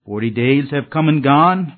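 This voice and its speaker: A man's voice: mid-range voice, animated, moderate pace. A man preaching a sermon in an earnest, emphatic way, his voice swelling and dropping. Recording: tinny phone-like sermon recording.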